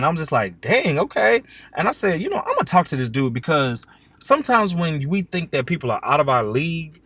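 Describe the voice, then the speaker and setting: A fairly high-pitched young man rambles through a dating story on his podcast. He jokes, swears freely and jumps his voice around when acting out texts. The sound is close and dry, with little room around it. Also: no echo. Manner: animated, jokey, swears freely, acts out text exchanges. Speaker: podcast host. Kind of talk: casual storytelling monologue.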